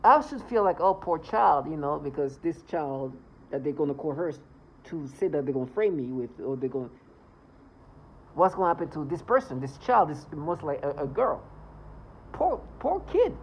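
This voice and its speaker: A man's voice: on the high side, dull audio. A man ranting indignantly in a vlog monologue, swearing as he talks. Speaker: vlogger.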